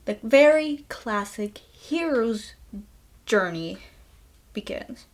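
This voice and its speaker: A woman's voice: fairly high pitch, a little slow. A woman host casually recapping a film in a chatty, playful way, with bursts of mock outrage. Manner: chatty, playful, breaks into laughs. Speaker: podcast host.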